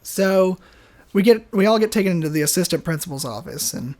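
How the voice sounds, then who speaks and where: A young adult man co-hosting a podcast, telling a story in an animated, casual way full of fillers and restarts. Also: sits high, fairly quick. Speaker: podcast co-host.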